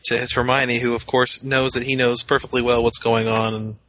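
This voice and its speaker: A man's voice: mid-range voice, little pitch movement, a little fast, pushed and bright, rough recording. A man on a casual podcast who explains his views thoughtfully, with some hesitation.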